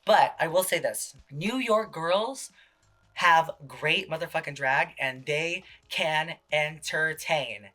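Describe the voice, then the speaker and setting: A man hosting a casual TV recap, gossipy and full of swearing, jumping into quick impressions. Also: on the high side, pushed and bright. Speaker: show host.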